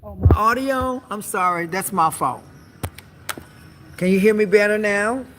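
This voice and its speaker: A man giving a casual comedic monologue as a vlogger, animated and sassy, swearing freely and calling his viewers honey. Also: sits high, measured pace, slight background noise, low-quality recording.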